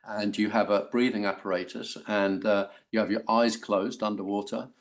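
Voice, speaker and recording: Older man telling lively stories. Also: on the low side, normal speed. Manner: animated storytelling with many restarts. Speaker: actor guest. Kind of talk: anecdotal interview.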